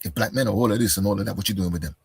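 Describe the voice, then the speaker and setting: A deep-voiced man with a heavily husky, raspy tone delivers a combative reaction commentary. He keeps pressing with rhetorical questions. The sound is close and dry. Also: rapid-fire, darkish tone, no echo. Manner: combative, fires rhetorical questions, calls listener "bro". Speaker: commentator responding to a video.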